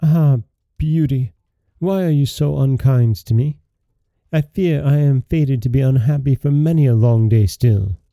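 A sorrowful young prince from a storybook, lamenting slowly, as a male reader voices him. The voice is warm and dark with a gravelly grain, dry and close to the mic. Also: medium pitch, dry recording, lightly acted. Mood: mournful. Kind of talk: storybook reading.

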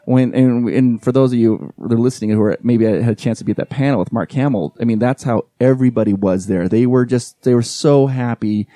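Mellow-voiced man telling an animated story. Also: medium pitch, fairly quick, few pauses, no echo, studio quality. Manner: animated storyteller who acts out quoted dialogue. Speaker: podcast guest, event emcee. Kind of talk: casual storytelling chat.

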